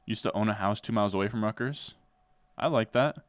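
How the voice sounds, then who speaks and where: Deep-voiced laid-back guy. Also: fairly quick, dry recording, studio quality. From New Jersey. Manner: laid-back, says "dude" a lot, answers chat as he goes. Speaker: fantasy football streamer. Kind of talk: casual live-stream chat while drafting.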